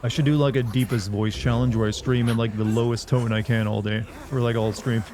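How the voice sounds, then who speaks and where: A man's voice: medium pitch, fairly even intonation, a little fast, background noise. A man streaming a game, chatting casually in a rambling, self-mocking way.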